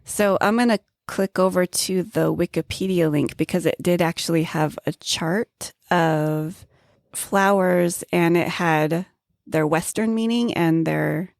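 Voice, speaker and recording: A woman's voice: lowish voice, unhurried, creaky, darkish tone, no echo, clean studio sound. A woman co-hosting a casual podcast chat, teasing her co-host and reading from her notes on flower meanings. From grew up near Mount Graham, Arizona.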